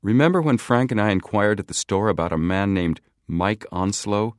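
A man voicing a blunt, quick-tempered seventeen-year-old boy, a little brighter than his narration. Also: fairly low pitch, no room sound, clean studio sound, pitched above the performer's own voice, natural voice. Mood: earnest.

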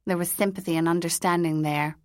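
A woman narrating an audiobook in a measured, even way. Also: lowish voice, no room sound, studio quality. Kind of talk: scripted narration.

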